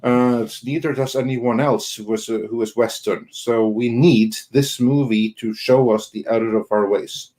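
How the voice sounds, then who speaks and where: A man co-hosting a live stream and chatting casually as he reads viewer messages aloud. His delivery is halting, full of ums and restarts, at a middling pitch. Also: fairly even intonation, warm tone. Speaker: co-host of an online entertainment news show. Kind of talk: casual live-stream chat reading Super Chats.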